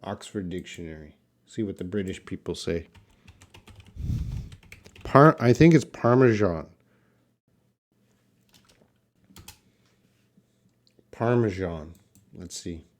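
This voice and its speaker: Guy teaching english online, reads chat questions, says words slow over and over, lowish voice. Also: expressive. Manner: slow, drawn-out word repetition for learners; thinks aloud, answers chat questions. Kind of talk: live online pronunciation lesson.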